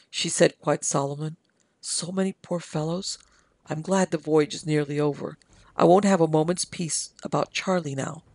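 A man reads an old sea tale in a steady storytelling manner. His voice sits a little high and carries a gravelly edge. The recording is dry and close, with soft music in the background. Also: no room sound. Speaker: narrator and producer. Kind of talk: audiobook reading of a classic sea story.

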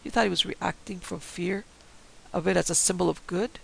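A man's voice: high voice, normal speed, gravelly, poor audio. Man doing a tense, shaken priest. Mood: bitter. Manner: hushed, tense. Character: shaken, anxious middle-aged male priest. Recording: faint hiss.

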